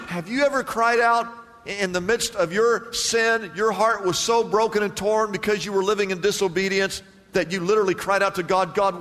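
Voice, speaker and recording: A male pastor preaching a sermon with strong emphasis, swinging between loud declarations and hushed passages, in a church. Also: high-pitched. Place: church sanctuary. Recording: long hall reverb.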